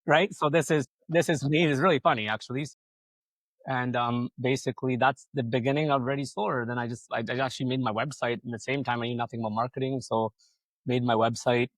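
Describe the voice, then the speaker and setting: A man's voice: medium pitch, fairly even intonation, brisk, dry recording. A man telling his business story as a podcast guest, rambling casually, swearing freely and acting out other people's lines. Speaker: podcast guest, solar company founder.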